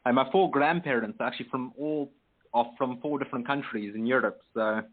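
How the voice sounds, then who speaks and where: A British man hosting an online poetry radio show, chatting casually with many pauses and restarts. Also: mid-range voice. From Britain. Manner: hesitant, many ums and restarts. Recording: tinny phone-like line.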